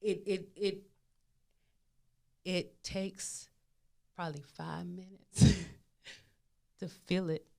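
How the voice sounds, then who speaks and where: A woman talking as a podcast guest in casual conversation, animated, repeating phrases and acting out inner voices. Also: on the low side, extremely slow, vocal fry, pauses often. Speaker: podcast guest, spiritual advisor.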